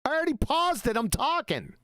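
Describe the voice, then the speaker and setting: A man co-hosting a casual live stream, mocking and laughing often, with quick asides. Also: very high-pitched, huge pitch swings, sharp tone, no echo. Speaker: co-host.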